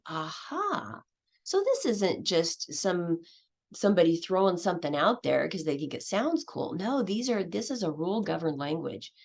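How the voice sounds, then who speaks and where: A woman with a gravelly, fairly low voice is presenting at a conference on teaching. She walks through her points step by step in an explanatory way, acting out the things her students say.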